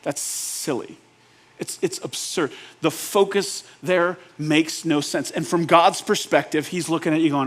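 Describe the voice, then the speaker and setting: A man's voice: a little high, fairly even intonation, a little slow, a bit bright. Joking, conversational male pastor preaching. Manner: asks the audience rhetorical check-ins. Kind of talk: sermon.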